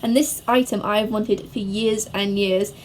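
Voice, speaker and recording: A young woman from England answering viewer questions in a chatty, bubbly way, speeding up when she gets excited. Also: mid-range voice, unhurried, a little hiss or hum. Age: young adult. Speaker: vlogger. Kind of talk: casual to-camera Q&A.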